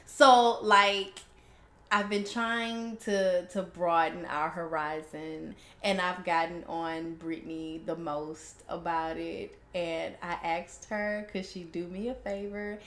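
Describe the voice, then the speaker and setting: A woman's voice: on the low side, fairly even intonation, slow pace, fairly bright tone. A young woman co-hosting a casual chat podcast, ranting emphatically and laughing freely. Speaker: podcast co-host. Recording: roomy echo.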